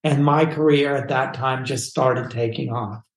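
A man telling his story as a podcast interview guest, animated and acting out the dialogue. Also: mid-range voice, a little slow, reverberant, poor audio.

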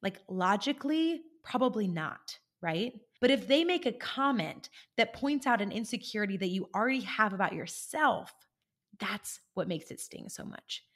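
A woman hosting a podcast, talking listeners through a coaching idea in a casual, animated way and checking in with them as she goes. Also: mid-range voice, moderate pace. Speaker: podcast host and life coach. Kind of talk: conversational coaching monologue.

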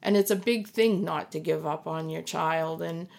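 A woman's voice: low voice, normal speed, creaky, a little mellow. A middle-aged woman, a podcast guest and the host's mother, speaking earnestly and reassuringly in an emotional conversation, often repeating herself for emphasis.

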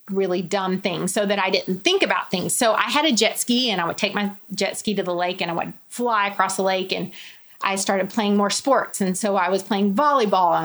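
This interview guest, a woman with a mid-range, slightly bright voice, recounts her own story in casual conversation. She talks candidly and chattily, with many quoted asides along the way.

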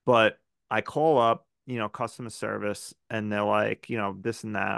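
A man's voice: mid-range voice, moderate pace, gravelly, fairly bright tone, clean tone, dry recording, clean studio sound. A man co-hosting a podcast, ranting in casual chat, rambling and swearing often. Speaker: podcast co-host.

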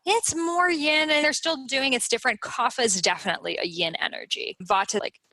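Woman, podcast guest who explains Ayurveda, animated, bright tone, dry close sound. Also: sits high, no room sound. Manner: animated, acts out quick character voices. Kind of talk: casual podcast conversation.

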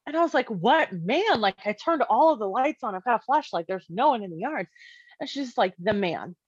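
A woman's voice: a little high, lively intonation, normal speed, husky, no room sound. Woman, parent sharing her own story, loose chatty delivery, acts out quotes, dry slightly muffled sound. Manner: conversational, many "like" fillers, acts out quoted dialogue. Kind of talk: casual personal storytelling.

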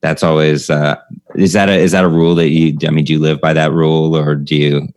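A man's voice: rumbling low, a little fast, dry recording. A man who hosts a comedy podcast, talking casually about stand-up craft, chatty and laughing often. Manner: chatty, laughs often, animated when telling stories.

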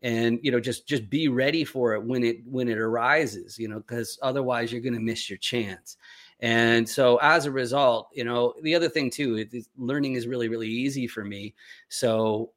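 A man chatting as a guest on a podcast. He talks at a middle pitch and rambles, with plenty of fillers and restarts as he works through his thoughts. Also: fairly even intonation, moderate pace. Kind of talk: casual chat.

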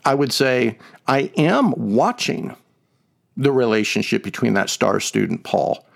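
A man's voice: mid-range voice, sing-song, a little slow, gravelly. A man co-hosting a Bible discussion podcast, talking conversationally and emphatically, with many fillers and musical analogies. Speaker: podcast co-host teaching on scripture.

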